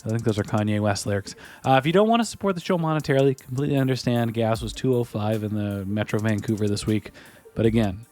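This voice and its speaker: A man's voice: fairly low pitch, fast, a little mellow, soft background music. A man co-hosting a hockey podcast, chatting casually and reading the show's plugs with a joking manner. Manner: joking, reads listener plugs conversationally. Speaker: podcast co-host.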